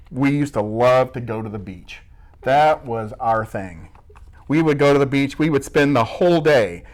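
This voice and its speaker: A middle-aged man from Iowa in a relaxed interview, his pitch rising and falling with each story. He jokes and pokes fun at himself. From Midwest US, Iowa. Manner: joking, self-mocking storyteller. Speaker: school staff member being interviewed. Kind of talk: casual interview chat.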